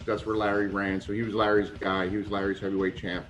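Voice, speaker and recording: A man guest in a casual interview, telling lively anecdotes and acting out the people he quotes. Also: lowish voice, quick pace, faint music behind, rough recording. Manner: animated anecdotes, acts out quoted voices, swears. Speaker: retired pro wrestler, guest.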